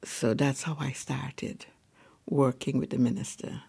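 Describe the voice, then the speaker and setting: A woman around ninety from Guyana, a lay preacher telling her life story softly, often dropping to a whisper, in a large cathedral. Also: extremely low pitch, steady tone, a little slow, creaky, husky. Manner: soft-spoken, often sinking to a whisper. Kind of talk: personal storytelling.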